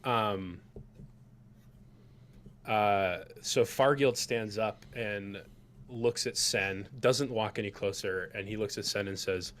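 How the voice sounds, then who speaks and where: A man's voice: on the low side, slow pace, fairly bright tone, slight background noise. A man narrating a tabletop game as game master, rambling loosely with many fillers.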